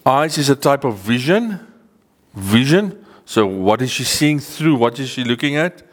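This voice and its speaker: A man delivers a Bible teaching to people seated in front of him. He speaks earnestly at a middle pitch and leans hard on the words he wants to land, slowing them down for emphasis. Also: animated. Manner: earnest, emphatic, slows down to stress key words. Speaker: preacher. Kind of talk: sermon teaching to a live group. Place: meeting room with a seated audience.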